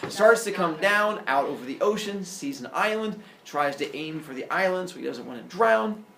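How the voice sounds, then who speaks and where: A man teaching a class, telling myths in a jokey, animated way. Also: high voice, normal speed, vocal fry, slight background noise. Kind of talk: classroom lecture, storytelling. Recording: roomy echo, distant mic.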